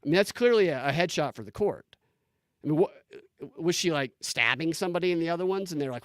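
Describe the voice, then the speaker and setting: An incredulous man hosts a casual commentary show, his voice a touch higher than most men's. He speaks in animated bursts, restarting phrases as he reads posts aloud. The sound is dry and close to the microphone. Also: fast, dry recording. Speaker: political commentary show host.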